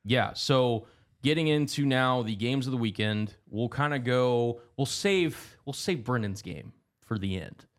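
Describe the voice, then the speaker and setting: A man's voice: mid-range voice, animated, a little slow. A man co-hosting a casual sports podcast, running through rankings like a broadcaster. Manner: rattles off lists like a broadcaster. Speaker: podcast co-host.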